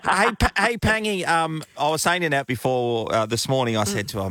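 A man's voice: fairly high pitch, a little fast, hardly any pauses, pushed and bright, dry recording. A man co-hosting a radio show, teasing the guest in casual banter. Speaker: radio co-host.

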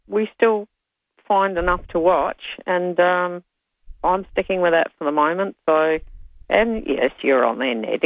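A woman's voice: sits low, no room sound. An older woman with an Australian accent calls in to a radio show, chatting in a rambling way with many ums. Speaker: caller. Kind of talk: casual chat. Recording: phone line.

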